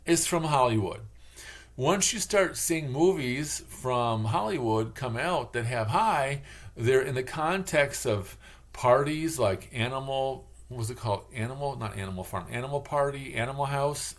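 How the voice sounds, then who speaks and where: A man from Michigan with a Michigan accent, rambling in a casual, digressive monologue and acting out the voices he quotes. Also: mid-range voice. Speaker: channel host.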